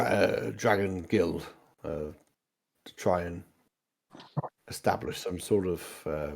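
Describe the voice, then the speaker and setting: A man's voice: fairly low pitch, vocal fry, darkish tone. A man narrating a tabletop game as game master, hesitant with many fillers.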